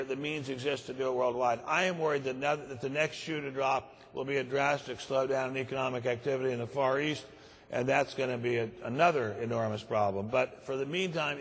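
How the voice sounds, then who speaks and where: A man's voice: mid-range voice, fairly bright tone, slightly rough, big-room sound. An older man giving a conference speech in a grave, emphatic way, repeating words for stress. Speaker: conference speaker. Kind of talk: keynote speech. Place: large conference hall.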